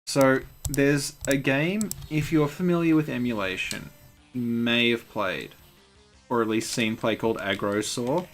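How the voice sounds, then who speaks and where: A man's voice: mid-range voice, unhurried, soft background music. A man hosting a game stream who chats casually and tells rambling, wry stories.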